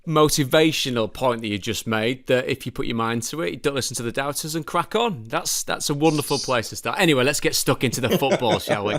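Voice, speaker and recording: A man hosting a football podcast, his voice sitting at an ordinary pitch. He introduces guests with playful, slightly grand wordplay. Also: a little fast, hardly any pauses, a bit bright. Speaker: podcast host. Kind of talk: podcast presenting.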